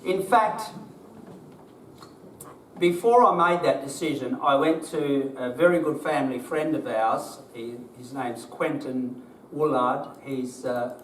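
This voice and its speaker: An older Australian business owner tells a group his story, plain-spoken and emotional, using rhetorical questions. His mid-range voice stays fairly even and measured. The roomy, distant mic picks up faint background ambience and a little hiss or hum.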